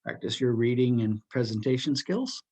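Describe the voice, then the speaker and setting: A man's voice: medium pitch, lively intonation, moderate pace, darkish tone. Rambling, joking male teacher. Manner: rambling, joking, full of fillers. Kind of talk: casual classroom talk.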